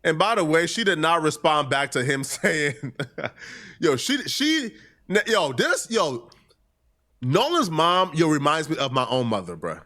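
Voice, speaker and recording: Brief: male host reacting to a clip, slangy and doubtful, higher-pitched voice that swings widely. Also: unhurried. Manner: slangy, skeptical, animated. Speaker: commentary host. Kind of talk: casual reaction commentary.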